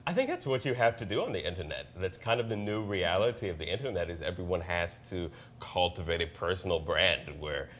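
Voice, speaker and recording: Very deep-voiced young man, lively. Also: a little fast, hardly any pauses, slight background noise. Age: 20s. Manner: deep voice, laughs often, relaxed and chatty. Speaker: interview guest. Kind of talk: casual interview. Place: bakery shop.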